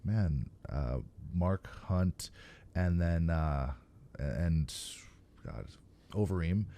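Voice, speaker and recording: Deep, mellow-voiced man hosting a podcast. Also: drawn-out words. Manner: relaxed, opinionated, many fillers and stammered starts. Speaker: podcast host. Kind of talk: casual chat.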